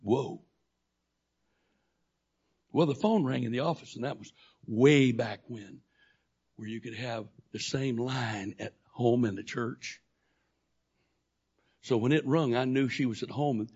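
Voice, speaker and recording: A gravelly, very husky male pastor recounting a personal testimony from the pulpit. He tells it in an animated way and acts out the voices in the dialogue. The recording sounds dull and lo-fi. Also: medium pitch. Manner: animated storyteller acting out dialogue. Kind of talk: sermon testimony storytelling.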